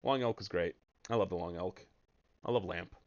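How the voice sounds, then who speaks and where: A man giving casual, jokey commentary while streaming a card game, breaking into sudden high excited yelps. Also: moderate pace, muffled recording.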